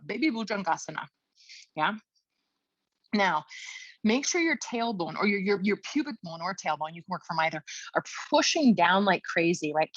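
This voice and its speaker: A woman's voice: fairly low pitch, no echo. Chatty woman guiding a yoga class. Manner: chatty, encouraging, frequent "yeah?" check-ins, light laughs. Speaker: yoga teacher. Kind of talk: guided yoga class instruction. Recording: dull, dry lo-fi sound.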